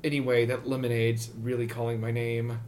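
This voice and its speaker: Aloof cat-folk office woman in a tabletop game, dry and clipped, put on by the game master; lower and softer than the narrator. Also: brisk, background noise, close to an everyday voice. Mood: deadpan. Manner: dry, curt, deadpan.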